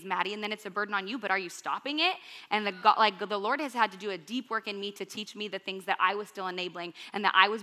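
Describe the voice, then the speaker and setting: A young woman preaching to her congregation in a bright, clear voice. She keeps her delivery earnest and conversational, leaning hard on her key points. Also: medium pitch. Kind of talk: sermon.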